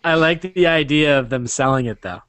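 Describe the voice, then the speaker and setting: A man's voice: fairly high pitch, a bit bright, smooth, no room sound. Giggly man on a video call. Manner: laughs often, halting. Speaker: co-writer on a podcast. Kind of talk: casual brainstorming chat.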